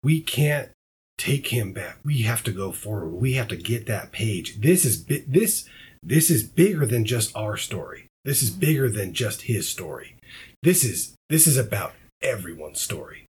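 Brief: man doing a protective adventurer, husky low voice, firm and blunt. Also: very animated, unhurried, a little mellow, exaggerated voice. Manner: firm, coaxing.

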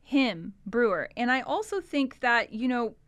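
Woman, podcast co-host, smooth clear voice, slightly high pitch, thoughtful, conversational, dry close mic. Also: lively intonation, a little slow, a bit bright, dry recording. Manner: thoughtful, conversational, many fillers. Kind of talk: casual chat analyzing a call recording.

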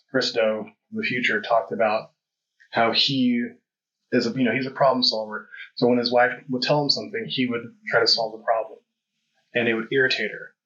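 This podcast host has a lowish male voice with a bright, forceful tone. He talks candidly and reflectively, rambling in a conversational interview, and the lo-fi audio sounds dull.

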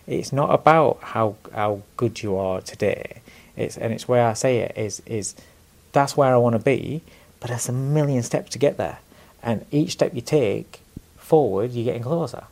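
Gravelly-voiced man talking candidly. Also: mid-range voice, moderate pace. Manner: earnest, repeats words, blunt swearing. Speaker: podcast guest, former boxer. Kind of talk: candid conversational chat.

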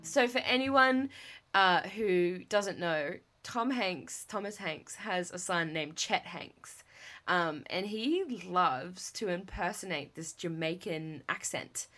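A woman's voice: on the low side, slow pace, fairly bright tone, soft background music. A woman co-hosting a podcast, blunt and swearing freely as she tears into a film. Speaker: podcast co-host. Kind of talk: casual chat reviewing a film.

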